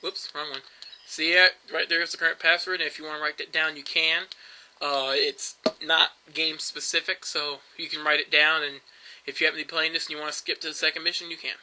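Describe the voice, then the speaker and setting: Young male let's-play host, high bright voice, chatty and rambling, faint hiss behind. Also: little pitch movement, a little fast, poor audio. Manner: rambling, chatty, with frequent fillers and restarts. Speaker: gameplay commentator. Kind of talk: casual let's-play commentary.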